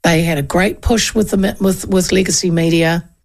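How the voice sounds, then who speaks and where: A woman's voice: on the low side, fairly even intonation, normal speed, gravelly, darkish tone. A woman host, giving chatty, digressive political commentary with frequent asides. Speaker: radio or podcast host.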